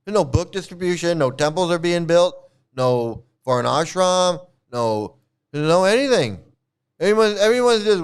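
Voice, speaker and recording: A man's voice: fairly high pitch, lively intonation, unhurried, clear, resonant tone. A man who used to be a devotee tells a story in a rambling, mocking way, often restarting his sentences and laughing as he talks. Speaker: channel host, former devotee. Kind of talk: casual storytelling rant.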